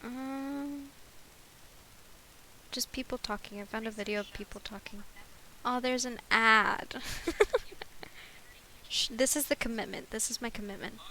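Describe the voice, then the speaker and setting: A woman's voice: on the high side, steady tone, a little slow, long pauses, sharp tone, slight background noise, rough recording. A young woman streamer chatting casually and playfully while playing a game, self-mocking and laughing often.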